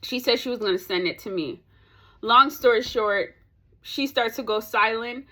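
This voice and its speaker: A young woman vlogger telling a story in casual chat, animated and ranting, laughing between lines. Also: a little high, normal speed.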